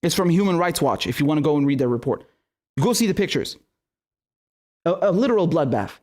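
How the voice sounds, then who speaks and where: A man's voice: a little high, expressive, fast, a little mellow. A young man hosting a political livestream, ranting angrily with heavy swearing and stammered restarts, and reading viewer messages aloud. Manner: furious, profane ranting with frequent stammered restarts; reads viewer super chats aloud. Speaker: political commentary show host. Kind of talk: angry livestream commentary.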